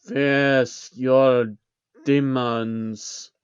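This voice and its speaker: Slow, gravelly demonic tormentor, put on by a man narrating, deep and taunting, in a horror storybook reading. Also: fairly even intonation. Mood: menacing. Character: deep mocking male demon in a soldier's helmet. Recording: dull recording with background music.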